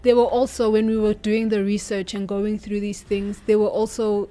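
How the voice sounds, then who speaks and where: A woman's voice: mid-range voice, level tone, moderate pace, dark tone. A woman co-hosting a casual talk show, chatty and questioning, with fillers.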